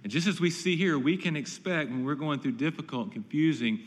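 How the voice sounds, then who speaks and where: A man's voice: a little high, a little fast, big-room sound. A pastor preaching an earnest, emphatic sermon, often repeating words as he builds a point.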